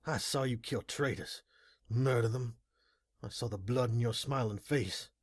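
A man's voice: mid-range voice, slow, husky, no room sound, studio quality. A man voicing a young mare raider, furious and heartbroken, pleading in a strained, raised voice in an audiobook. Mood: anguished. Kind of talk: audiobook narration.

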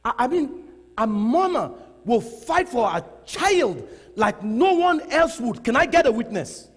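Middle-aged preacher guy, high husky voice, slow and drawn out, lots of hall reverb. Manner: animated, laughing, repeats phrases for emphasis. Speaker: pastor. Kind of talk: sermon. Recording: long reverb of a large hall.

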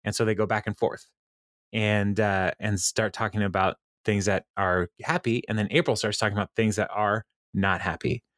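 A man with a fairly low voice hosts a casual podcast and retells a TV episode, laughing often and acting out the quoted lines. The sound is dry and close, with no room echo. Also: fairly even intonation, moderate pace, fairly bright tone. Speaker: podcast host. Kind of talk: casual chat recapping a TV episode.

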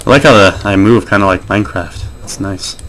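A man giving gameplay commentary as a let's play host, jumpy and excitable, swearing, laughing and yelping. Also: fairly low pitch, brisk.

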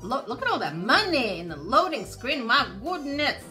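Bright-voiced woman streaming a mobile game. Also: high-pitched, very animated, normal speed, faint music behind. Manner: playful, reads game text aloud and reacts. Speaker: gaming streamer. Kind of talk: casual let's-play commentary.

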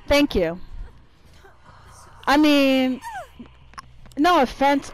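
A woman narrates her gameplay live, swearing and grumbling at the other players. Her voice sits a bit high and swings widely in pitch. She talks at an unhurried pace. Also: lively intonation, a little hiss or hum, poor audio. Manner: profane, irritated trash talk at opponents. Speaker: gameplay streamer.

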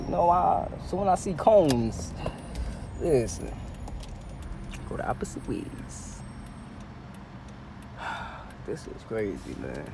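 A man's voice: mid-range voice, huge pitch swings, slow pace, gravelly, pauses often. Exasperated, cursing man on a noisy street. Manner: profane, exasperated, dramatic. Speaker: vlogger. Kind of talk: casual vlog. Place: in a car, outdoors traffic.

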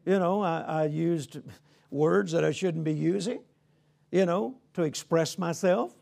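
High-pitched, gravelly male preacher. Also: unhurried, darkish tone. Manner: conversational, folksy, peppered with "you know"; calls for "Amen?" from the congregation. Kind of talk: sermon.

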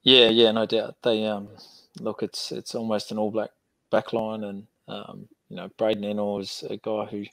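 Flat-voiced rugby coach on a call. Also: male voice, lowish voice, moderate pace, gravelly, no room sound, low-quality recording. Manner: hesitant, many fillers. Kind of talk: interview answers.

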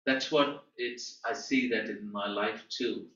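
An earnest man lectures and tells stories, pausing often as he goes. His voice is bright and crisp. It comes from a distance through a dull mic in an echoey room. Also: lowish voice. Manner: earnest storyteller, halting with pauses. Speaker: guest teacher at a Bible school. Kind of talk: lecture with personal testimony.

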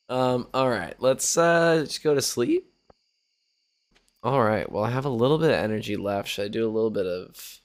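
A man with a gravelly voice streaming a farming game, chatting loosely with viewers. He cracks jokes, swears freely and talks through every move as he figures things out. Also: mid-range voice, moderate pace. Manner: jokey, swears often, thinks out loud. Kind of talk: casual Let's Play commentary.

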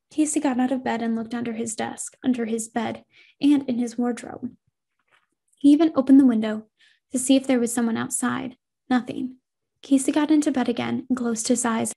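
A woman narrating a scripted horror story in a measured, suspenseful way, whispering some of the sound effects herself. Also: a little high, steady tone, vocal fry, mellow.

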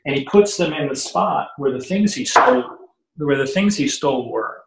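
A man's voice: mid-range voice, normal speed, vocal fry. A middle-aged man, a guitarist guest, telling stories in an interview, acting out quotes and swearing freely. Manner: animated storyteller who acts out quotes, swears freely. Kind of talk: storytelling interview. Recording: roomy echo.

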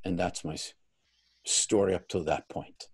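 A man speaking as a guest, telling a personal story earnestly, swelling louder at the high points and dropping soft near the end. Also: steady tone, measured pace, vocal fry, breathy edge.

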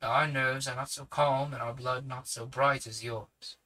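A man voicing a grave, commanding elderly professor in a hushed, measured tone. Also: medium pitch, steady tone, low-quality recording. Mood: grave, kindly.

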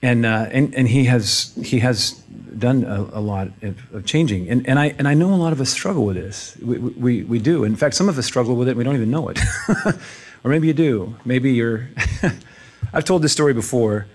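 A middle-aged man pastor speaking in a church, conversational and self-deprecating, with halting restarts. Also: medium pitch. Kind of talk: casual sermon talk.

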